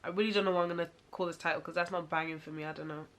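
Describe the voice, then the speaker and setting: A woman's voice: lowish voice, steady tone, rapid-fire, fairly bright tone, slight background noise. A woman chatting casually to camera as a vlogger, rambling and laughing often.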